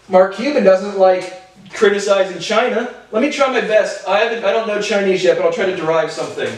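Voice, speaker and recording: A man in his twenties giving a rambling, profane personal monologue to camera, jumping between animated tangents. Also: high-pitched, a little fast. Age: 20s. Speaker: vlogger. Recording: very echoey room, voice far from mic.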